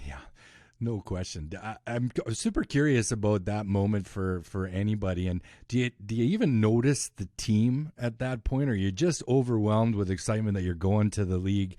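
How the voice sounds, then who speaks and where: A male podcast host with a fairly low voice asks long, meandering questions. The sound is dry and close, with no room echo. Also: normal speed, mellow. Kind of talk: interview questions.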